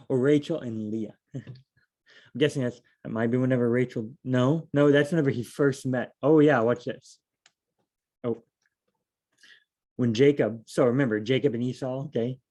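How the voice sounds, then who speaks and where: A man leading a casual Bible study, reading verses aloud and explaining them in a chatty, animated way. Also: medium pitch.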